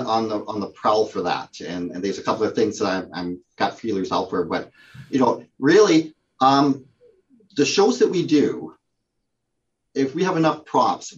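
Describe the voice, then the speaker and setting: A man's voice: on the low side, lo-fi sound. A man, a guest who owns a prop company, telling a story in casual conversation, with many fillers and restarts.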